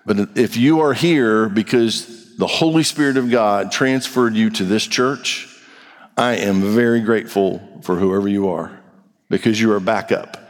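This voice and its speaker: A middle-aged man preaching a sermon as pastor, talking directly and bluntly to his congregation with rhetorical questions. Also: lowish voice. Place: church sanctuary. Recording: long reverb of a large hall.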